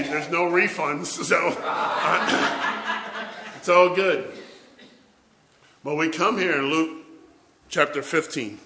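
This preacher's voice sits a little high, bright and forceful. Speaking in church before a responding congregation, he tells funny stories and plays out scenes from family life during his sermon.

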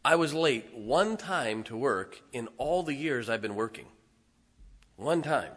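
With a medium-pitched, expressive voice that has a breathy edge, a middle-aged man preaches at a measured pace. As pastor, he tells comic personal anecdotes folksily, alternating hushed remarks with booming, emphatic lines.

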